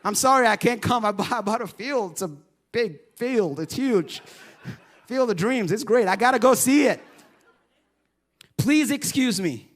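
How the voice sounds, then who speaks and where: Brief: pastor doing a sheepish phone guy, fumbling excuses, high-pitched man. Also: expressive, normal speed, hardly any pauses, a bit bright, some chatter behind, full character voice. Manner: rambling, making excuses. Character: flustered man dodging a dinner invite by phone.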